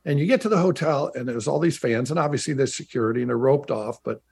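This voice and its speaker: A man's voice: mid-range voice, fast, gravelly, a little mellow, slightly rough. A middle-aged man, a former pro football player turned broadcaster, telling stories in a remote interview with chatty restarts and emphatic repetition. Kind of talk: remote interview, anecdotal storytelling. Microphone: video call.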